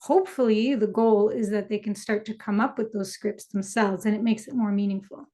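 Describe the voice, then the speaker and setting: A woman's voice: mid-range voice, steady tone, brisk, mellow. A woman youth educator chatting casually, often checking in with "right?" and affirming her partner. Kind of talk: casual conversational talk.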